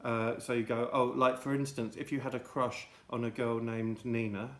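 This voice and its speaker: A man hosts a silly mock lesson for children, rambling in a deadpan way that swings from loud to hushed. His voice sits at a middling pitch. The room around him is echoey. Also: moderate pace, hardly any pauses. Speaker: comedy presenter of a children's show. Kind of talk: absurd mock lesson for kids. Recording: roomy echo.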